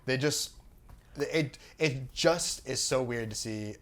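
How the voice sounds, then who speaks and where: A young man talks in a relaxed, unhurried way on a casual podcast. He often pauses on fillers and trails off between thoughts. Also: mid-range voice. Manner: relaxed, easygoing, halting with fillers. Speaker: podcast co-host. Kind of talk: casual sneaker chat.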